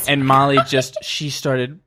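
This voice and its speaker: A man guest on a casual chat podcast, telling an animated story and laughing as he goes. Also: medium pitch, unhurried, no room sound.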